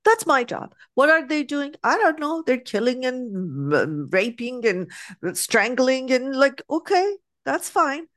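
A woman leads a spiritual class in an animated, emphatic way, acting out little scenes as she explains. Her pitch jumps around as she stresses points. The sound is close and dry. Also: slow, dry recording. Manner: animated, emphatic, acts out examples. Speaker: spiritual teacher. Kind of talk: teaching a class.

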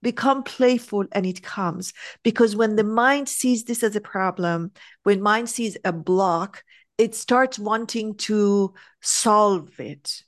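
Woman, spiritual coach, easygoing chat, slows to stress points, dry close sound. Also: mid-range voice, no echo. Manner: animated storyteller, acts out quotes. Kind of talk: casual spiritual conversation.

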